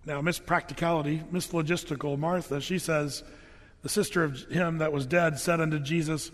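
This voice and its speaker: High-voiced pastor in a reverberant hall. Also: male voice, steady tone, moderate pace. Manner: conversational and jokey, drops low for read verses. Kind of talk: sermon reading and explaining scripture.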